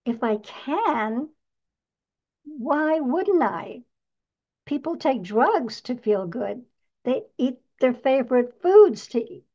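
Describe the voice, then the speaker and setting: A woman's voice: sits high, lively intonation, takes it slowly, mellow, muffled recording. A woman in her nineties giving an earnest, upbeat motivational talk on her podcast, asking the listener rhetorical questions. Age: 90s. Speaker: podcast host.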